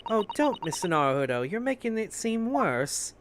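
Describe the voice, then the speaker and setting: Man doing a soft, raised-pitch young woman, courteous assistant, game music behind. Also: big pitch swings, moderate pace. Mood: polite. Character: polite young Japanese woman, gentle legal assistant.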